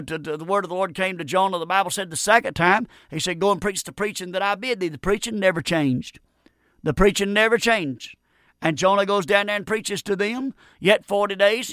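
A man's voice: high voice, fairly bright tone, dry recording, studio quality. A middle-aged man preaching a radio sermon, fervent and repetitive, often adding amen.

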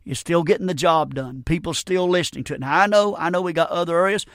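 A man's voice: fairly high pitch, fast talker, a bit bright, dry recording, studio quality. A man in his sixties preaching a fervent radio sermon, often breaking in with "Amen".

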